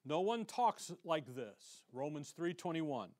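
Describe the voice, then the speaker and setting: An American man preaching a sermon, reading scripture loudly and dropping to quiet, conversational asides. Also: a little high, animated, measured pace. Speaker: pastor.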